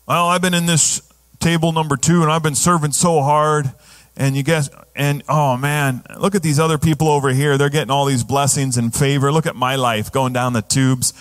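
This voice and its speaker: A man's voice: fairly high pitch, fairly even intonation, moderate pace, close to an everyday voice. Man voicing a grumbling overlooked churchgoer. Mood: whiny. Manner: complaining, self-pitying.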